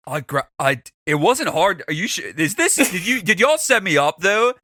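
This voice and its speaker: Dude doing a stuttery flustered hero, bright punchy voice. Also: male voice, sits high, big pitch swings, a little slow, no echo, clean studio sound, voice pushed up, heavily acted. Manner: stammering. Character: flustered young male adventurer, cocky.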